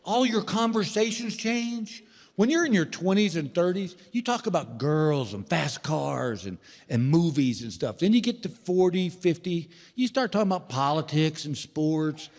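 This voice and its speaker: A man's voice: fairly high pitch, moderate pace. Man in his sixties doing stand-up. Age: 60s. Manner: animated storyteller acting out quoted voices. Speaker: stand-up comedian. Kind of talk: stand-up comedy storytelling. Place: large indoor theater stage. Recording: live theater reverb with faint ambience.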